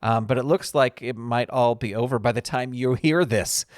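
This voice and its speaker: A man's voice: mid-range voice, moderate pace, dry recording, clean studio sound. A man hosting his own podcast in a casual, rambling solo chat full of ums and uhs. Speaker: podcast host.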